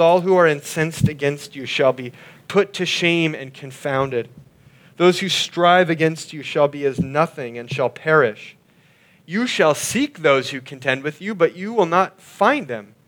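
Preacher guy giving a sermon, voice a bit on the high side, earnest, slows down for emphasis. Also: a bit bright. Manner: earnest, slows and drops his voice on scripture lines. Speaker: pastor.

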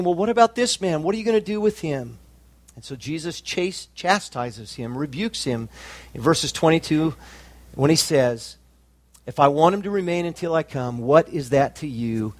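A pastor preaching a sermon with emphatic, rising climaxes and slow drawn-out phrases. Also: male voice, fairly high pitch, dry recording.

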